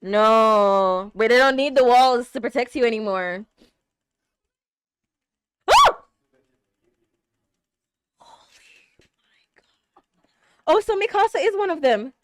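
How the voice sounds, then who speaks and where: A young woman reacting to an anime episode, exclaiming and gasping, swinging between hushed murmurs and loud outbursts. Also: fairly high pitch, lively intonation, moderate pace, few pauses, smooth, dry recording, studio quality. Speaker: reaction streamer.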